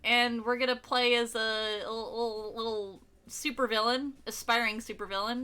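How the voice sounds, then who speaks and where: A bubbly woman streamer chatting and teasing a friend while she plays. Her voice is a little high and very bright. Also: fairly even intonation, clear, resonant tone, soft background music. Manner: bubbly, teasing, quick to laugh. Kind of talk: casual chat while playing a game.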